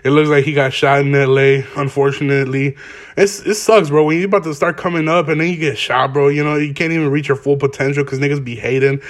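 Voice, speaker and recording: A man's voice: on the high side, fairly even intonation, fast. A young man hosting a casual solo podcast from home, rambling in profane slang while stoned and smoking. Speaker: podcast host. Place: home, garage.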